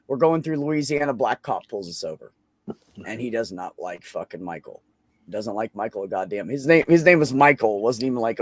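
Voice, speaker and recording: A man's voice: mid-range voice, no room sound. A man hosting an open mic video call, telling a long story casually, swearing often and rambling with lots of fillers. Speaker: open mic show host. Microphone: computer microphone on a video call.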